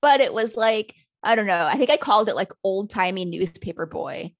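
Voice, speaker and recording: A woman's voice: medium pitch, lively intonation, brisk, dry recording. A woman chatting as a guest, giggly and self-deprecating. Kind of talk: casual interview chat.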